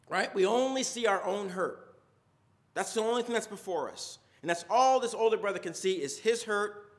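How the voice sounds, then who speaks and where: A man's voice: sits high, a bit bright. A male preacher giving a sermon in a conversational, storytelling way with frequent asides.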